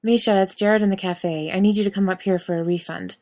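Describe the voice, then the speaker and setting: A woman's voice: mid-range voice, fairly even intonation, fairly quick, a little mellow, natural voice. A woman voicing a worn-out young male barista with strained, forced politeness. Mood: strained polite.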